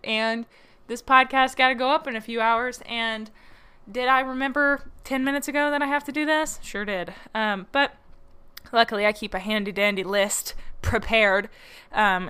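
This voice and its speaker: A woman's voice: medium pitch, sharp tone, clean tone. A young woman hosting her own podcast, chatting loosely and joking at her own expense, with lots of fillers and laughter. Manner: rambling and self-mocking, with frequent fillers; laughs often between thoughts. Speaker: podcast host. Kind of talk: casual solo podcast chat.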